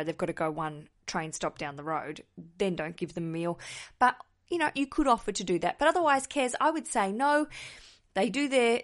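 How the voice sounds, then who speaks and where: Australian woman, comedian-turned-podcast host, casual and jokey, answers listener mail. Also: mid-range voice. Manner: chatty, joking, answers listener questions.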